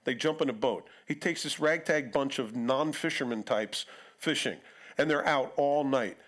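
A man's voice: mid-range voice, moderate pace, fairly bright tone. Conversational man preaching a sermon. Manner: conversational, acts out quotes with voices. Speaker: pastor. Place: church.

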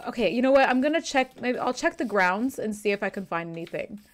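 A woman's voice: on the high side, animated, fast talker. A young woman streaming a game, talking in a rambling, flustered way and swearing freely as she plays. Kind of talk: live-streamed game commentary.

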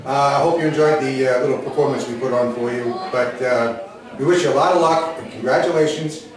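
A man's voice: mid-range voice, fairly quick, a crowd in the background. A man speaking jovially, with a few hesitant fillers, as he offers good wishes. He is heard from far off in a very echoey hall. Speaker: performer. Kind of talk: heartfelt recorded message.

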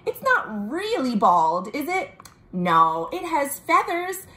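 A woman librarian reading a picture book aloud to young children at home, gentle and sing-song, asking the little listeners questions. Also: medium pitch, roomy sound. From United States. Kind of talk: storytime read-aloud for children.

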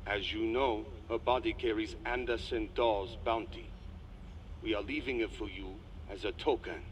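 An actor voicing a low, flat outlaw captain. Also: male voice, normal speed, slight background noise, lightly acted. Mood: cold. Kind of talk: video game voice acting.

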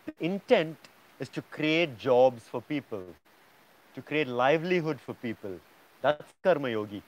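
A man's voice: medium pitch, animated, unhurried, low-quality recording. A man teaching a yoga class, lecturing students emphatically and often checking in with "yeah?".

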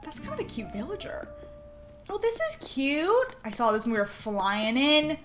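High, bubbly young woman streamer. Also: wildly swooping pitch, moderate pace. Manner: giddy, gushing, giggles often. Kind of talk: casual live-stream chatter while gaming. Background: soft game music.

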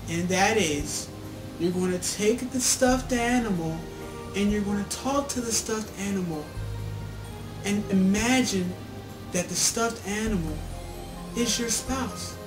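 A woman playing a therapist in a comedy sketch, speaking in calm, deliberate instructions. Her voice is mid-pitched. An echoey room and clear music sit behind her. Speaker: couples therapist. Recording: roomy echo with clear music.

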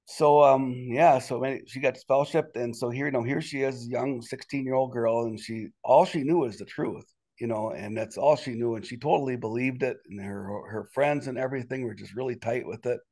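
A man telling a personal story as an interview guest in a casual, rambling way, with sudden indignant rises in his voice. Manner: animated, quick jumps in pitch when indignant; rambling with many restarts and "you know".

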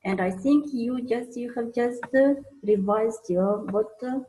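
Slow-talking woman teacher. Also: on the high side, mellow, rough recording. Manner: hesitant, many fillers and restarts. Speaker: university English teacher. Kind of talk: recorded online lesson.

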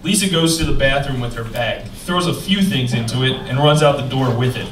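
A man's voice: mid-range voice, a little fast. A man reading stage directions aloud at a live script reading, in a dry, matter-of-fact way. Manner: dry, matter-of-fact reading, now and then breaking into laughter. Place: live stage in an event venue. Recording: echoey room, distant mic, loud background noise.

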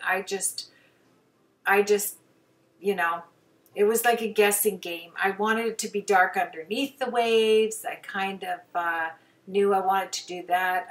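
A woman's voice: mid-range voice, fairly bright tone. Chatty woman painter, slightly distant mic. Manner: chatty, rambling, self-deprecating, many fillers. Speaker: hobby painter. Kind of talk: casual voice-over about her own painting.

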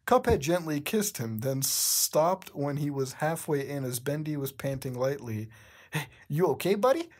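A man's voice: medium pitch, unhurried, hardly any pauses, a little mellow. A man, a channel host, reading fan fiction aloud with incredulous, swearing asides. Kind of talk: comedic dramatic reading.

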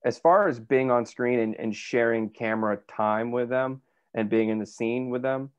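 A man's voice: mid-range voice, moderate pace, smooth. A man, an actor being interviewed, telling stories in a chatty, rambling way with many fillers and restarts. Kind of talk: casual interview storytelling. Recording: dull lo-fi dry sound.

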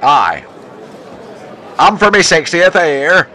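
A man's voice: fairly high pitch, big pitch swings, slow pace, pushed and bright, exaggerated voice. A man, fan-dubbing a crude, blunt old man turning sixty. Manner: bawdy, blunt, broad. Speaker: fan comedy dubber.

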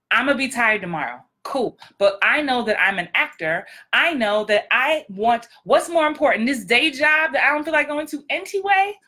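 In a frank, emphatic vlog talk, a woman acting coach gives very direct, blunt advice, repeating points for effect. Her voice is on the high side, pushed and bright.

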